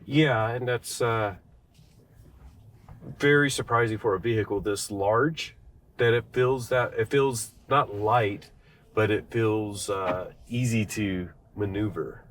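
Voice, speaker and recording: Calm male vlog co-host, lower voice, measured delivery. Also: slight background noise. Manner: measured, hesitant, explanatory. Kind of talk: casual car review chat.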